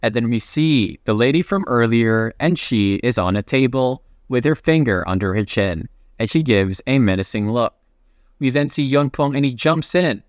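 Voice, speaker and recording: A man's voice: medium pitch, normal speed, dry recording, clean studio sound. Chatty man narrating a comic recap. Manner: chatty, excitable.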